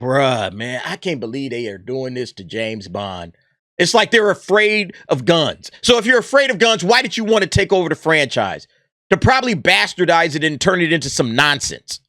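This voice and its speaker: A man's voice: fairly high pitch, animated, moderate pace, sharp tone, no room sound, studio quality. A man giving casual reaction commentary, exasperated and mocking, reading headlines aloud between complaints. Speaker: YouTube commentator.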